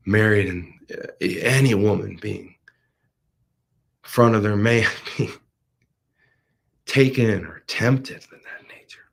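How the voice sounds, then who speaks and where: A man's voice: on the low side, takes it slowly, gravelly, long pauses. A middle-aged man hosting a show, animatedly retelling a film plot in a casual monologue with frequent restarts. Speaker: podcast host.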